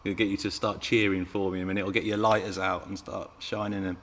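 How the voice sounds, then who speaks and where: A man with a voice that sits low speaks quickly in a level tone that's a bit bright, with a little hiss or hum present. He hosts an RC car channel's live Q&A stream, chatting with viewers, reading their comments, and teasing them playfully.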